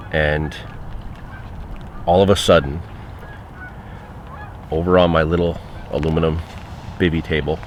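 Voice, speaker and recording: A man's voice: deep voice, a little hiss or hum. A man recounting a fishing trip in a casual spoken anecdote, conversational and full of fillers.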